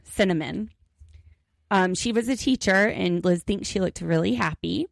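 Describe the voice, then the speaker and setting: A woman's voice: medium pitch, normal speed, gravelly, dry recording, studio quality. A young woman from Pennsylvania co-hosting a podcast, chatty and giggly as she recaps an episode in casual chat. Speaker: podcast co-host.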